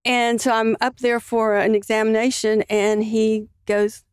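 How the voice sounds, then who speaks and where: A woman guest on a podcast, earnestly telling a personal story in a halting way with many fillers. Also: fairly high pitch, little pitch movement, clear, resonant tone, no echo, studio quality.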